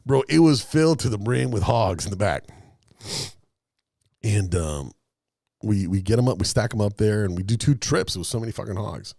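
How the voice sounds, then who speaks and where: A man's voice: on the low side, normal speed, creaky, pauses often, no echo, studio quality. A man co-hosting a podcast, telling a story in a casual, profane way and acting out other people's lines. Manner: animated, profane, acts out quotes. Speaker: podcast co-host.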